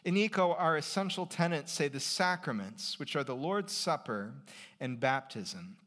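A man preaching a sermon as pastor, talking in a conversational way, rising in pitch and volume to stress points and dropping almost to a whisper on key questions. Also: animated, normal speed, a bit bright.

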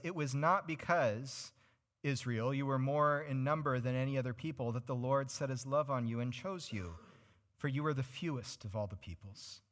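A male pastor preaching a sermon, earnestly explaining scripture and putting questions to his congregation. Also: mid-range voice.

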